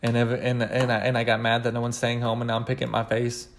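A young man from Kansas hosting a solo podcast, rambling and sarcastic in an animated way. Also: medium pitch, fast talker, vocal fry, slight background noise. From Kansas, United States. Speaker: podcast host.

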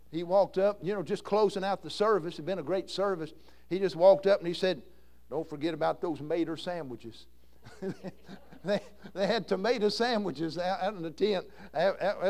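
A man preaching a sermon as an evangelist, telling stories and swinging from hushed, slow lines to loud, drawn-out shouts. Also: high-pitched.

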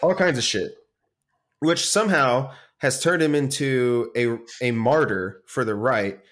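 A man co-hosting a casual podcast chat, swearing freely, ranting and mocking people in quick impressions. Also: mid-range voice, fairly bright tone. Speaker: podcast co-host.

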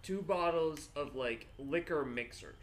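A man in casual podcast chat, talking in a slow, drawling way. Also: fairly high pitch, over a noisy crowd.

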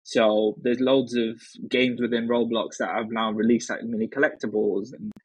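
Husky-voiced man chatting. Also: medium pitch, normal speed, dry recording, poor audio. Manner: animated storyteller, frequent fillers and restarts. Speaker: podcast guest. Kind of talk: casual chat.

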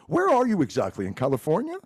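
Animated man with a Montreal accent. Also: a little high, fast talker, husky. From Montreal, Quebec. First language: French. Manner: animated, swears freely, repeats himself. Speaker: guest musician. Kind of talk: casual chat.

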